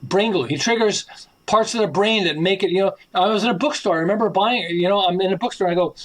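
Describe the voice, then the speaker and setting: Man, high voice, author interview guest, animated storytelling, acts out dialogue, chuckles. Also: fast talker, poor audio.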